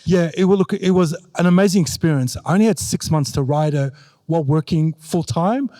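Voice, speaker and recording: A man's voice: on the high side, a little fast, dry recording, studio quality. A man speaking on a festival panel as an author and advocate, telling stories animatedly and mimicking voices. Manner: animated storyteller who mimics his mother in a raised voice. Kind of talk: panel talk at a book festival.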